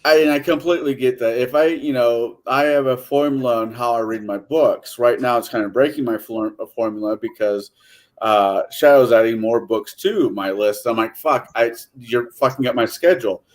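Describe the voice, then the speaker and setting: A man's voice: medium pitch, normal speed. A man in a casual late-night chat who talks bluntly and swears freely. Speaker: podcast co-host.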